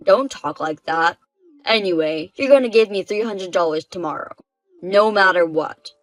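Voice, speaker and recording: A woman's voice: fairly low pitch, moderate pace, dry recording, soft background music, close to an everyday voice, low-quality recording. A woman voicing a selfish husband who brushes off complaints and justifies himself. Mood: dismissive. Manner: dismissive, self-justifying. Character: defensive, selfish husband, man.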